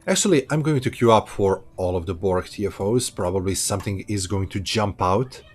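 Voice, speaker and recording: A man's voice: low-pitched, animated, fairly quick, faint music behind. A man giving casual, chatty commentary while streaming a space game from a hot room at home, laughing easily and correcting himself. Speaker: gameplay streamer.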